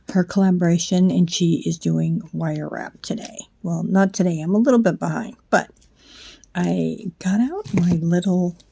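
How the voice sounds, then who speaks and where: A woman hosting a casual craft how-to at home late at night, sleepy, soft and unhurried, often slipping into a whisper as she works. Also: on the low side, gravelly, slightly rough. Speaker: craft channel host.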